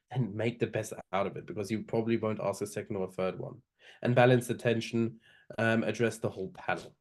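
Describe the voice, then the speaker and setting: A young man giving an online seminar on oral advocacy, talking loosely with many fillers and restarts, and slowing right down to show a point. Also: mid-range voice, darkish tone. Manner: loose, filler-heavy delivery, slowing down to demonstrate.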